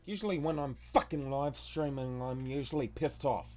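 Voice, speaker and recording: A man's voice: medium pitch, normal speed, darkish tone. A man live-streaming a game, ranting angrily and swearing constantly. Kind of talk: live-stream gameplay rant.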